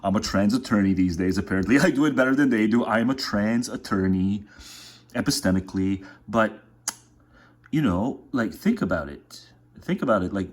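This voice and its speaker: Husky-voiced man rambling casually. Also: on the low side. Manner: meandering, heavy on filler words. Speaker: vlogger.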